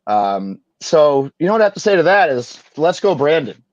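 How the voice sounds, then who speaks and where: A man's voice: on the high side, very animated, normal speed, muffled recording. A man co-hosting a casual comedy podcast, trading sarcastic commentary and mock impressions. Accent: Massachusetts. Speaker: podcast co-host.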